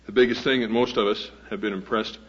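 A man's voice: on the low side, fairly even intonation, quick pace. Folksy man introducing a speaker. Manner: folksy, rambling, many fillers and restarts. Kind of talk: speaker introduction with a humorous story. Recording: dull lo-fi old recording.

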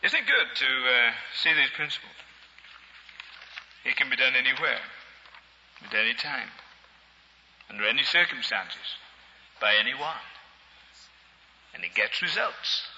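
Male preacher, humorous and animated, in a reverberant hall on a dull recording. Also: medium pitch, measured pace, long pauses, slight background noise. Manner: humorous, animated, chuckling asides. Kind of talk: sermon.

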